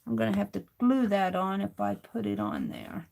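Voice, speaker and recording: A woman hosting a crafting livestream, talking slowly and muttering to herself as she works, then greeting her chat. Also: mid-range voice, big pitch swings, gravelly. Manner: slow, muttering to herself while working, greets chat warmly. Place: home craft studio.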